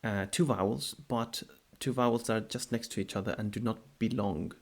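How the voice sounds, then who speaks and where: A man teaching a language lesson, speaking unhurriedly and repeating words slowly to model their pronunciation. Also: on the low side, steady tone. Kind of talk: explanatory video lesson.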